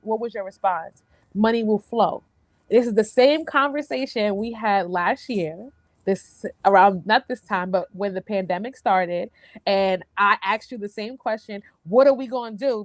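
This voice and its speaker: A woman's voice: medium pitch, no echo. Effusive woman talk show host, dry sound. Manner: lively, effusive, quick bursts of excited retelling. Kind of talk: casual talk show chat.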